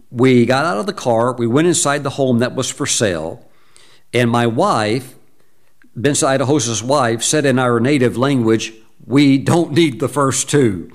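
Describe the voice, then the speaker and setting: A male preacher telling a story in a sermon, slowing down and leaning into the quoted lines. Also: mid-range voice. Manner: slow, deliberate retelling with acted quotes.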